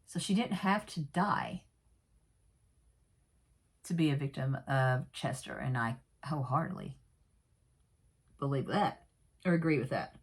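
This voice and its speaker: A woman's voice: extremely low pitch, lively intonation, a little slow, long pauses, slightly rough. A woman casually recapping a true crime episode in a rambling way, with many fillers and asides and candid personal comments.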